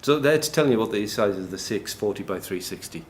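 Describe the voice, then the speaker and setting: A man's voice: on the low side, expressive, brisk. A man giving a live technical presentation in a noisy, echoey conference room, chatty and self-deprecating, often laughing. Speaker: conference speaker.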